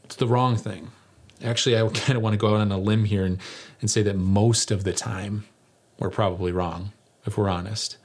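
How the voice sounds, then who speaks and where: A young man, a pastor, opening his sermon with a lively personal story and putting casual questions to his congregation. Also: lowish voice. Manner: animated, self-mocking storytelling; conversational, rhetorical questions to the congregation.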